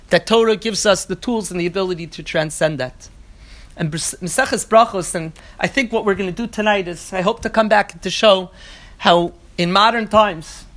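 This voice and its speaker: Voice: medium pitch, a bit bright. A teacher giving an evening lecture on a Talmud passage, reading each line in the original and translating it phrase by phrase, with earnest restated phrases and a few hesitant fillers. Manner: occasional hesitant fillers while searching for words. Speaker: Torah teacher.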